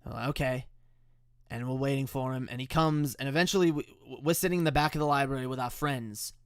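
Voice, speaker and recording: A man's voice: medium pitch, quick pace, smooth, no echo, clean studio sound. A young man telling a painful personal story in a raw, emotional way, swearing often and stumbling over restarts. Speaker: musician telling the story behind a song.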